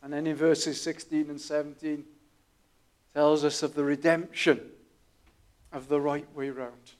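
A man preaching a sermon, telling stories in a quiet, earnest way with small restarts. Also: on the high side, flat delivery, unhurried.

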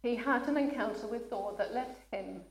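A woman preaching a sermon, speaking earnestly and at times choking up and apologizing. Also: on the high side. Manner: earnest, gets emotional and pauses to apologize. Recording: echoey room.

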